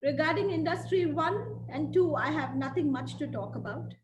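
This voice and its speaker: A woman lecturer giving a webinar, telling a story and speaking in a deliberate, emphatic way. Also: high-pitched. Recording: echoey room with faint noise.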